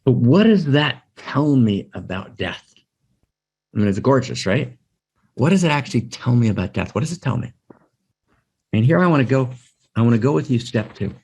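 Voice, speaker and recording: A man's voice: medium pitch, sing-song, normal speed, pauses often, a little mellow, slightly rough. A man giving an emphatic spiritual teaching talk, repeating his phrases and often checking in with "right?".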